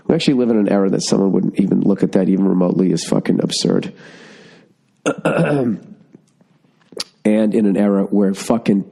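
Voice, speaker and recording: Gravelly profane ranting man. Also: lowish voice, dark tone. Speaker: podcast host. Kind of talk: rambling comedic monologue.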